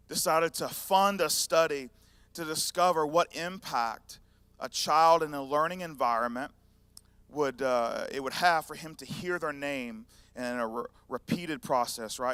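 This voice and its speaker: A male pastor preaches in a casual, animated way, slipping into the people in his story. His voice sits high and bright. The sound is dry and close, with no echo. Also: clean tone. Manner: animated storytelling, acting out scenes. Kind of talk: sermon.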